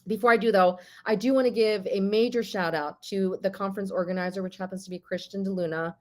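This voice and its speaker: A woman, the board chair, giving warm, emotional closing remarks over a video call at a virtual conference. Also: mid-range voice, steady tone, quick pace. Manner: emotional, effusive, chatty.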